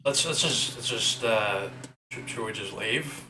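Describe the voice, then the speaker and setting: Hesitant low-voiced man, noisy mic. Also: lively intonation, a little slow, pushed and bright. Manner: hesitant, many fillers and restarts. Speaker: player. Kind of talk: casual tabletop role-play. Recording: audible background noise.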